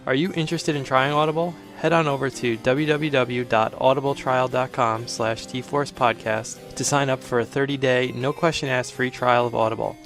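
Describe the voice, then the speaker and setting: A man reading a scripted sponsor message in a steady way. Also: mid-range voice, normal speed, hardly any pauses, soft background music.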